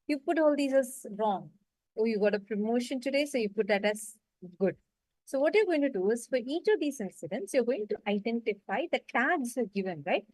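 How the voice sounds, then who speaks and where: A meditation facilitator with a rather high, dark-toned voice leads an online spiritual class, speaking briskly and with animation. She gives patient step-by-step instructions and frequently checks that everyone is following. The audio is poor but dry, with no room sound.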